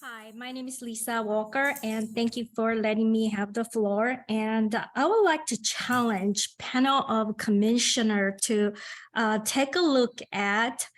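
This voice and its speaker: A woman's voice: fairly high pitch, unhurried. A woman giving a public comment at a video-call hearing, formal and a little hesitant.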